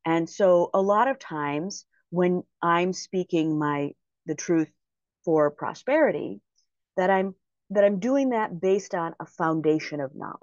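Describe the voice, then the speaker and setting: A woman giving a motivational talk, speaking slowly and deliberately and repeating phrases for emphasis. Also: fairly low pitch, darkish tone, no room sound. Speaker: prosperity mindset speaker. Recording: dry, slightly muffled recording.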